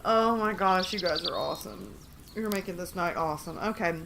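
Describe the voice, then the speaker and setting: A woman's voice: on the low side, fairly quick, vocal fry, fairly bright tone, a little hiss or hum. Chatty, giggly woman hosting a livestream. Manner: chatty, giggly, talks to chat. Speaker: livestream host. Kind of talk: casual livestream chat, reading horror stories.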